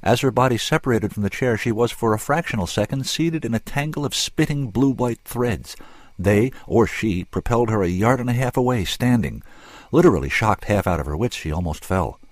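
A man hosting a radio show, reading fiction aloud in a measured, expressive way on a close studio microphone. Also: mid-range voice, no room sound. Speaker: radio host and reader.

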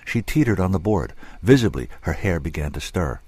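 A man hosting a radio show, reading fiction aloud in a measured, expressive way on a close studio microphone. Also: deep voice, breathy edge, no room sound. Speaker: radio host and reader.

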